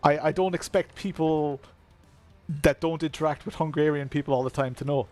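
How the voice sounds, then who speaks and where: A man's voice: a little high, steady tone, fairly quick, darkish tone, soft background music. A man, chatting casually on a live stream while racing, rambling and laughing often at himself. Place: home at night, kids asleep upstairs.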